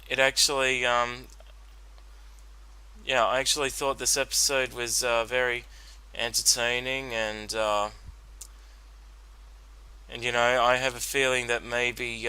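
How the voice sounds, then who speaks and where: A man gives a solo commentary on a cartoon episode, rambling with lots of fillers and restarts as a reaction commentator. His medium-pitched voice is pushed and bright with a clean tone, though the recording itself is rough.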